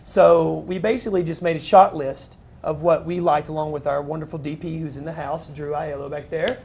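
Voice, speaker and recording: A man co-directing a web series, talking on a live panel with quick joking asides. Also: a little high, fairly even intonation, vocal fry, a little mellow, slightly rough. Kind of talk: casual panel talk.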